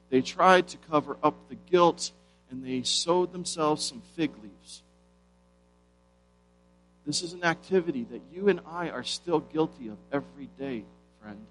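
Guy preaching a sermon, slightly high voice, leans hard on key words, quiet guitar behind. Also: poor audio. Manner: emphatic, rhetorical questions, slows for stress.

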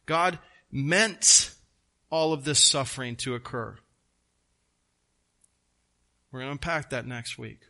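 A pastor preaching a sermon, slowing down to stress key words, with folksy asides. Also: male voice, mid-range voice, creaky, sharp tone.

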